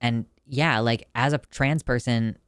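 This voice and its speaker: A man's voice: medium pitch, fairly even intonation, a little slow, fairly bright tone, clean tone, no room sound, studio quality. A man reviewing a film in a casual video, talking in a chatty, emotional way with lots of fillers and restarts.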